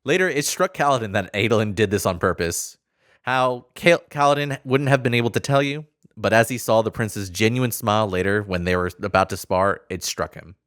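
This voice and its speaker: A man's voice: on the low side, fairly bright tone, dry recording, studio quality. A young man and podcast co-host, reading fanfiction aloud expressively and chatting casually.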